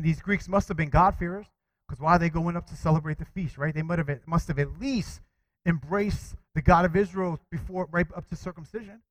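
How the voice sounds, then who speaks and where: A man preaching a sermon with animated delivery, calling out to his congregation for responses and quoting scripture. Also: on the high side, brisk, no room sound, poor audio. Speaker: pastor.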